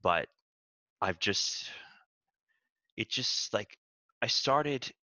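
A man, a musician, being interviewed over a video call, speaking in a measured, soft-spoken way. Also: on the low side, animated, no room sound, highs cut off. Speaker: musician guest. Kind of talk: casual interview.

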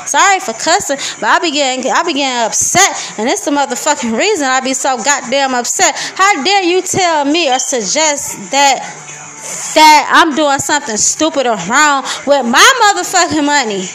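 A woman's voice: high voice, bright, forceful tone. A young woman with a Detroit accent, venting profanely and heatedly in a casual podcast monologue. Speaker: podcast host.

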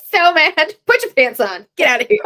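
A woman's voice: very high voice, pushed and bright. Blunt joking woman. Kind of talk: casual book discussion.

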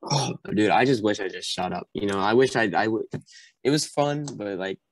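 A man's voice: lowish voice, normal speed, a little hiss or hum. A young man, a podcast guest, telling stories animatedly in casual chat and acting out the people in them. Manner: animated, acts out drill instructors. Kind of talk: casual storytelling.

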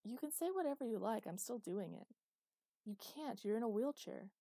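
Woman reading an audiobook heroine: sardonic, stubborn, mellow tone. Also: fairly high pitch, animated, moderate pace, creaky, breathy edge, dry recording, voice pushed up, exaggerated voice. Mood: defiant. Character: sharp-tongued young woman in a wheelchair. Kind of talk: audiobook character voice.

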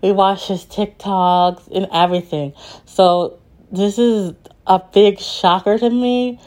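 Slow-talking grieving woman podcaster. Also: medium pitch, fairly even intonation, darkish tone. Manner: halting, with frequent restarts and pauses. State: grieving and in shock. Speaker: podcast host. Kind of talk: personal podcast monologue.

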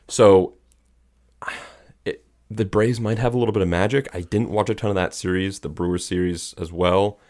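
A man's voice: sits low, fairly even intonation, moderate pace, a little mellow. A young man co-hosting a sports podcast, talking in a laid-back, hesitant way as he thinks aloud. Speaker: podcast co-host. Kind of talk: casual sports chat.

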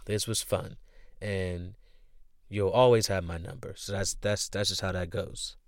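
A man's voice: low-pitched, steady tone, a little slow, dry recording, clean studio sound. A man hosting a casual podcast, laid-back and slangy, rambling with lots of restarts. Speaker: podcast host. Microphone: podcast microphone.

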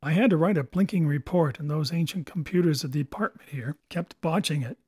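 A man voicing a clipped, gruff British detective. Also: fairly high pitch, fairly quick, warm tone, no room sound, clean studio sound. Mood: irritated.

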